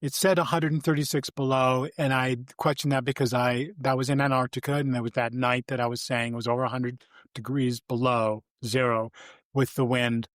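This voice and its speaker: An older man sits as a podcast guest and spins animated, rambling anecdotes, circling back and restarting his sentences. His voice sits at an ordinary pitch. The sound is close and dry, with no room around it. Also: brisk, dry recording. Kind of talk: casual interview storytelling.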